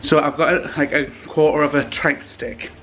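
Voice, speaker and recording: Talking to camera for his vlog at home, a young British man rambles casually with lots of ums in a slightly high, steady voice at a normal pace. The sound is roomy, with background noise present.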